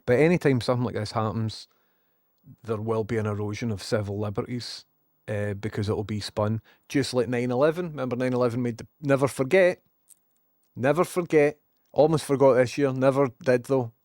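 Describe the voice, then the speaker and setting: A Scottish man talks a little fast in a mid-range, slightly mellow voice with fairly even intonation. He's doing a casual live-stream rant, rambling sarcastically at viewers and swearing freely, captured dry with clean studio sound.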